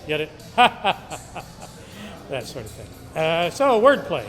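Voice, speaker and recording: A man in his sixties who rambles and keeps clearing his throat while answering interview questions about comedy. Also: fairly high pitch, wildly swooping pitch, takes it slowly, fairly bright tone, faint music behind. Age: 60s. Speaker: comedy student.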